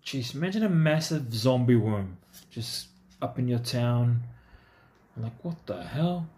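A man's voice: mid-range voice, expressive, a little slow, darkish tone. A man giving casual, chatty commentary to himself as he opens trading card packs. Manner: talks to himself, easygoing and chatty. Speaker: card-opening vlogger.

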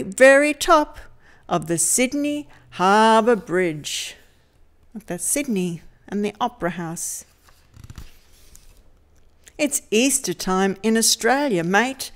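A woman reading a picture book aloud to children in a lively, sing-song storytelling manner. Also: mid-range voice.

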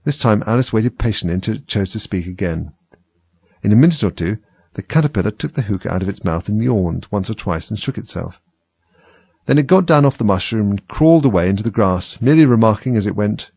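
A man narrating a storybook, reading in an expressive, animated way. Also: on the low side, a little fast, gravelly, slightly rough, no room sound. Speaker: audiobook reader.

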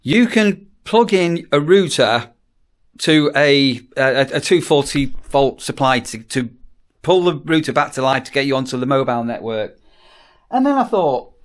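A man's voice: medium pitch, big pitch swings, measured pace. Chatty British man rambling in a vlog. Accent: British English. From United Kingdom. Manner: chatty, asks viewers questions, repeats words when restarting. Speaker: vlogger, campsite warden.

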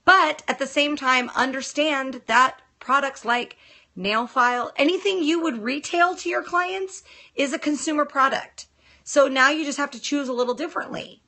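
A woman's voice: high-pitched, moderate pace, sharp tone. A woman from the United States, a nail technician hosting a casual live broadcast, blunt and exasperated, talking straight to her viewers. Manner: blunt and exasperated, addresses viewers and comments directly. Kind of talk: casual live-stream chat.

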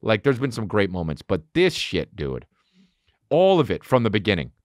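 A man hosting a comedy podcast, reacting to a clip with loud, profane, laughing commentary. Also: fairly low pitch, wildly swooping pitch, normal speed, no echo. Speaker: podcast host.

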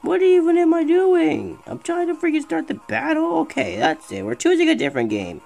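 A streamer giving casual let's-play commentary, excitable and rambling, talking back to the game. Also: extremely high pitch, normal speed, vocal fry, faint music behind. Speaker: gameplay streamer.

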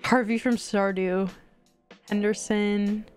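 A woman streaming a life-simulation game, chatting excitably with her viewers in casual live commentary. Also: medium pitch, slow pace, faint music behind.

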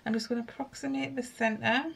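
A woman's voice: on the high side, steady tone, quick pace, fairly bright tone. A woman chatting casually through a crafting tutorial, thinking aloud and poking fun at herself as she works. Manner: chatty, self-mocking, thinks aloud while working. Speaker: crafting vlogger. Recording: home recording with clear background noise.

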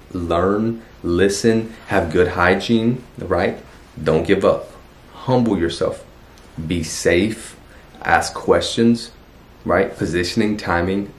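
A young man, earnestly giving encouraging advice to jiu-jitsu beginners in a casual vlog. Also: deep voice. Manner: earnest, encouraging, repeats himself for emphasis. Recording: echoey room.

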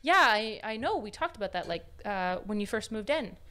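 A woman's voice: medium pitch, big pitch swings, normal speed, sharp tone. Woman putting on casual college dude, chatty, easygoing. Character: casual friendly young male college guy.

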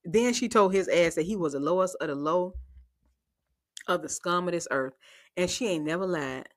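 A woman's voice: fairly low pitch, moderate pace. A woman giving casual, sassy recap commentary on a reality show, swearing freely, often laughing and talking straight to her viewers. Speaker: reality TV reviewer.

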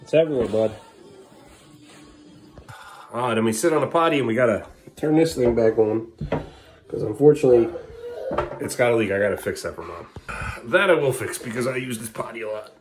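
A man's voice: mid-range voice, lively intonation, fairly quick, long pauses, faint music behind, rough recording. A man filming a casual family vlog at home, coaxing his young sons and then scolding them in exasperation. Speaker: father and family vlogger.

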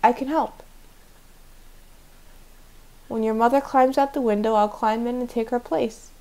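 A determined young girl , read by a woman, speaks in a breathless, eager rush. A slight gravelly fry runs under the voice in this storybook reading. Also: fairly high pitch, steady tone, measured pace, mellow.

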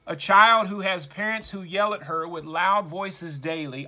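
High, bright-voiced male preacher. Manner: slow, deliberate preaching with dramatic emphasis. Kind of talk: sermon.

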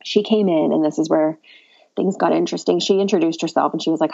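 A woman's voice: deep voice, steady tone, fast talker, vocal fry, dark tone. A woman casually telling a birth story as a podcast guest, candid and chatty with a wry, self-mocking humor. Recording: dull lo-fi audio.

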